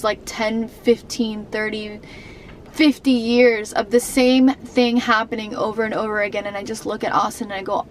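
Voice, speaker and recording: A woman's voice: medium pitch, a little hiss or hum, poor audio. A young adult woman vlogging to camera, telling a personal story in an emotional, rambling way with many fillers and restarts.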